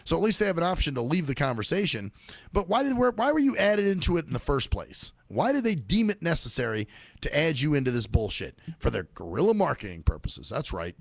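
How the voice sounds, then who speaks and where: Gravelly, profane ranting radio host. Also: male voice, on the high side, sing-song, brisk, dry recording. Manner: profane, sarcastic ranting with mocking quoted voices. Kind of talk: solo ranting talk show.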